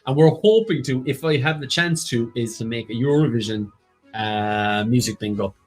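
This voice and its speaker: Quiz host reading out standings. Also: male voice, medium pitch, soft background music. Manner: reads out standings briskly, jokes with co-host. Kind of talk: casual live-stream chat.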